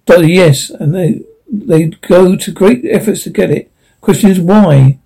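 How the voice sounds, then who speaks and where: A man's voice: high-pitched, unhurried, creaky, mellow, husky, full character voice. A man reading an eccentric curious time-traveller. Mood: inquisitive.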